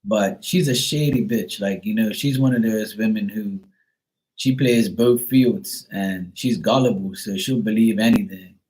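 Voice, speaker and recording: A man's voice: on the low side, a little slow, a little mellow, rough recording. A middle-aged man hosting a livestream, telling a rambling story full of blunt profanity in casual chat. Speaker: livestream host.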